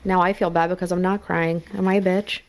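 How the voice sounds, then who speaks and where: A woman co-hosting a true-crime podcast who reacts to her partner with quick, joking banter. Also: on the low side, level tone. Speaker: podcast co-host.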